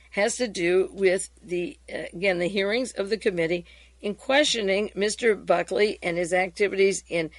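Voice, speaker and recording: A woman radio host reading hearing transcripts aloud and commenting, in a steady reading voice with occasional fillers and restarts. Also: medium pitch, dry recording.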